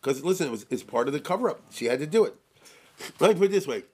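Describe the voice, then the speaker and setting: Animated man teaching a joking Torah class. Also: on the high side, very fast, husky. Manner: animated, asks the class rhetorical questions. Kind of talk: informal Torah class with jokes.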